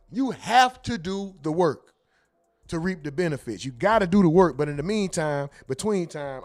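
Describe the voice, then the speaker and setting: A man hosting a casual livestream, reading out chat comments in a loose, joking and profane way. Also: fairly high pitch. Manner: loose, joking, profane, sings and mumbles to himself. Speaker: streaming show host.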